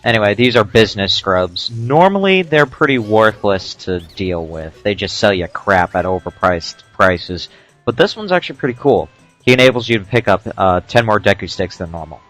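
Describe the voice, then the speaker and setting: A man doing casual commentary over a video game, explaining tips with dry jokes and frequent "uh" pauses. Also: lowish voice, animated, fairly bright tone, soft background music. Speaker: let's play commentator.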